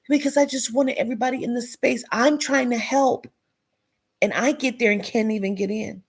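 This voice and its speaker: A woman's voice: mid-range voice, animated, normal speed. A woman giving a blunt, profane commentary rant, dropping into whispers for emphasis. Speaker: commentary vlogger.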